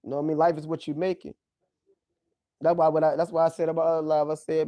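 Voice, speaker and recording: A man's voice: a little high, flat delivery, fast talker, pauses often, mellow, dry recording. A man hosting a livestream, rambling loosely through a profane casual monologue, exclaiming often and breaking into laughs. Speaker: livestream host.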